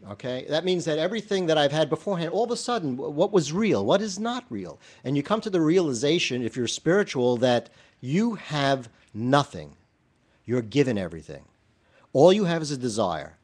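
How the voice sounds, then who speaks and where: A man with an ordinary, middling voice joins the discussion as co-host. He muses aloud, restarting phrases while he works through a hypothetical example. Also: medium pitch. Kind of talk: casual discussion.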